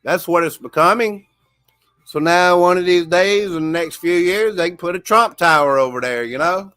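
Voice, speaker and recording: Faint music sits under a high-pitched, bright, smooth voice with a forceful tone and no echo, moving at normal speed. It belongs to a man hosting a casual livestream who drawls, laughs often, and keeps saying "y'all."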